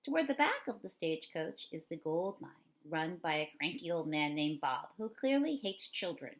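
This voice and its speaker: Woman reading a novel aloud, lowish voice. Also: very animated, moderate pace, low-quality recording. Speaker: reader.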